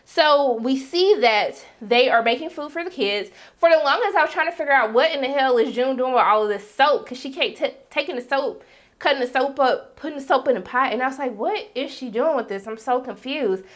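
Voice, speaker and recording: Brief: energetic woman reviewer, casual and slangy, acts out the scenes she retells. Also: high voice, a little fast. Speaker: TV show reviewer. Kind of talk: casual episode recap.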